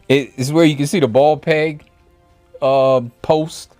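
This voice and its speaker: A man's voice: a little high, fairly even intonation, takes it slowly, a little mellow, faint music behind. A man giving a casual toy review from his home review table, rambling and thinking aloud with frequent self-corrections.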